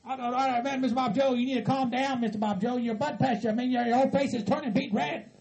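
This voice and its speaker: A man voicing a level-headed hillbilly friend who pleads patiently and tries to calm everyone down. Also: very high-pitched, fast. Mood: pleading. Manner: patient, pleading, repeats "Mister Bob Joe". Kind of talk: hobby comedy skit acting.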